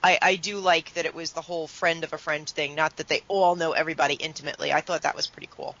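A woman chats casually with a bright, forceful tone, hedging and rambling through playful theories. The sound is dull and lo-fi. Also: sits low, steady tone, fast talker. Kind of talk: casual chat.

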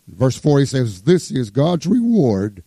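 A man preaching a sermon as pastor, fervent, swinging between loud exclamations and hushed asides as he reads scripture. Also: mid-range voice, big pitch swings, a little slow, dry recording. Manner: exclaims praise words, reads scripture aloud.

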